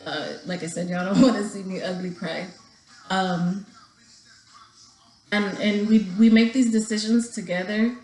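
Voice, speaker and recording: A woman's voice: medium pitch, fairly even intonation, a little slow, pauses often, a little mellow, roomy sound, soft background music, rough recording. A young woman talking casually to her viewers in a personal vlog, holding back tears as she rambles. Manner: emotional, talking through tears held back. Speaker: vlogger.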